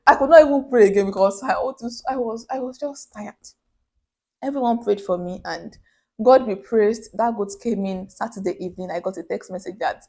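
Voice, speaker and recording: A young Nigerian woman tells her own business story to camera in a lively vlog. Her voice sits a little high, and she acts out the voices of the people in her story. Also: normal speed. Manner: animated storyteller who acts out quoted voices. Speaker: small business owner.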